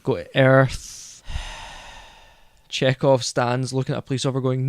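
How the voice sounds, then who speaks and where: With a completely flat, slow delivery and frequent pauses, this man's mid-range voice is clear and resonant in a clean studio with no room sound. He co-hosts a casual podcast chat, rambling, self-correcting and enthusiastic.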